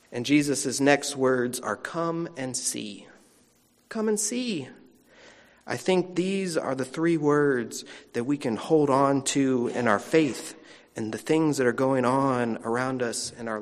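A man preaching a sermon, casual and folksy, with playful asides between readings. His voice sits a little high. The sound carries the long reverb of a church sanctuary. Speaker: pastor.

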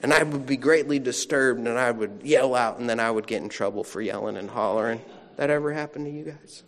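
A man's voice: mid-range voice, fairly quick, fairly bright tone. A male pastor giving a sermon in a chatty storytelling way, with asides to the congregation. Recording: long reverb of a large hall.

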